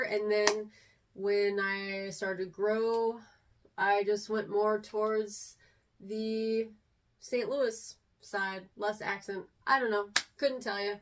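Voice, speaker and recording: A woman in her forties, originally from Texas, talks casually to her viewers. She meanders through her thoughts with plenty of ums and trailing asides. Her voice sits a little back from the microphone. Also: medium pitch. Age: 40s. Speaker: vlogger. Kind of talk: casual chat to camera. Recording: voice a little distant from the mic.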